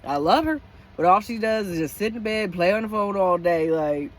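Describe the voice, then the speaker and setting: A middle-aged woman at an ordinary middle pitch, venting to camera in a loose, rambling way. She talks frankly and restarts her sentences often, and her pitch swings widely as she goes. She is lying down inside her parked truck. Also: lively intonation, brisk. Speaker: vlogger living in her truck.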